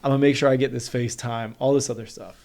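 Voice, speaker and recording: A man in his thirties from North Carolina tells a story as a podcast guest in casual conversation. He talks fast and animatedly, leaning heavily on "like," in a middle-pitched, creaky voice with a darkish tone and fairly even intonation.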